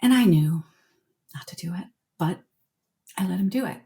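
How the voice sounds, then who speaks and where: Middle-aged woman vet as a podcast guest; candid, emotional storyteller with a fairly low pitch. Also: expressive, moderate pace. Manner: candid, emotional storyteller, voice dropping softly when moved. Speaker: guest veterinarian. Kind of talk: conversational podcast interview.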